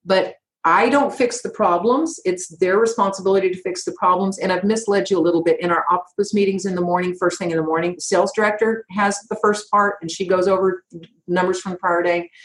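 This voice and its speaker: Agency owner, middle-aged woman, slightly low voice, blunt and emphatic, recorded with a roomy echo. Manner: firm, emphatic, direct. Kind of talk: conversational interview answers.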